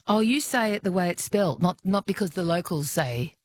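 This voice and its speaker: A woman's voice: fairly low pitch, expressive, normal speed, darkish tone, no echo. An Australian woman hosting a talkback radio quiz, chatty and teasing with callers. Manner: chatty, teasing, laughs often.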